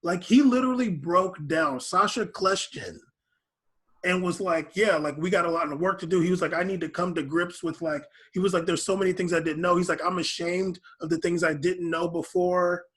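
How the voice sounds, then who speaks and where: A man co-hosting a podcast in a loose, rambling way, stopping and restarting his sentences. His voice sits a little high and sounds husky. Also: steady tone, moderate pace, fairly bright tone. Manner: rambling, full of fillers and restarts. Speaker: podcast co-host. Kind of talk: casual podcast chat.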